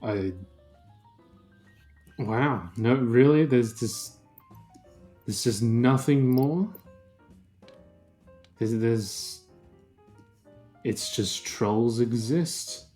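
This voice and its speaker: A man's voice: mid-range voice, drawn-out words, pauses often, dark tone, soft background music. A man co-hosting a podcast, chatting casually with sarcastic, profane jokes. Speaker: podcast co-host. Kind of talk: casual chat.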